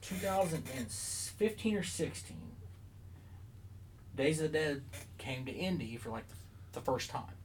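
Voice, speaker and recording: A man's voice: a little high, lively intonation, measured pace, long pauses, a little hiss or hum, poor audio. A man chatting casually on a podcast, telling a long story with lots of fillers and asides. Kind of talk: casual chat.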